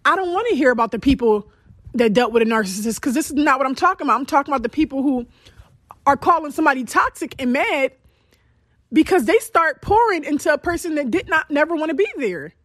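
A woman's voice: high voice, expressive, quick pace, fairly bright tone, dry recording, clean studio sound. A young adult woman podcast host tells a personal story in a blunt, profane, emphatic way. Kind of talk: candid storytelling monologue.

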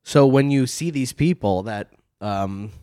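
A man's voice: mid-range voice, a little slow, a little mellow, dry recording, clean studio sound. A man co-hosting a podcast in casual chat, crude and joking, laughing often. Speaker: podcast co-host. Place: apartment.

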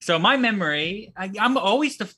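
A man co-hosting a casual podcast, retelling funny moments in an animated way. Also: sits high, moderate pace, breathy edge. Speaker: podcast co-host. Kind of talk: casual chat.

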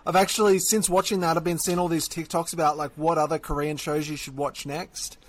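A man's voice: on the high side, flat delivery, brisk, no echo. A man with an Australian accent co-hosting a podcast, chatting casually in a teasing, laid-back way. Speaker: podcast co-host. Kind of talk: casual chat.

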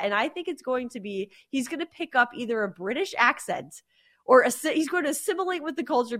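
A woman co-hosting a sports podcast, chatty and animated, laughing easily in casual talk about football and betting. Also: a little high.

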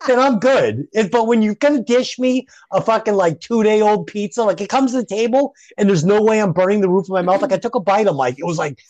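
A man's voice: sits high, lively intonation, fairly quick, few pauses, a little mellow, no echo, rough recording. A man co-hosting a podcast in casual chat, blunt, swearing and laughing often. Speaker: podcast co-host.

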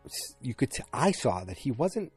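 A man's voice: medium pitch, sing-song, normal speed, husky, soft background music. A man casually recapping a TV episode, rambling with lots of fillers and restarts.

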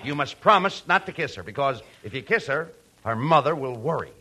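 A man's voice: medium pitch, animated, a little fast, sharp tone, husky. A comedian playing a bossy, exasperated straight man in a 1940s radio comedy, scolding his partner. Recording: noisy old radio transcription.

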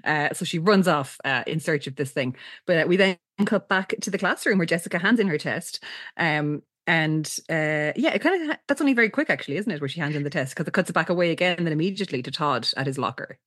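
Lively low woman, wry and sweary. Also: fast, dry recording, studio quality. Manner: wry, swears freely, laughs a lot. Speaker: podcast co-host. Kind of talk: casual recap chat.

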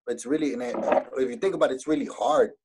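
A man's voice: mid-range voice, big pitch swings, racing, vocal fry, very noisy. A young man from Laredo, Texas with a Texas border Mexican-American accent, chatting laid-back as an interview guest and mixing Spanish into his English. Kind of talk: casual interview chat.

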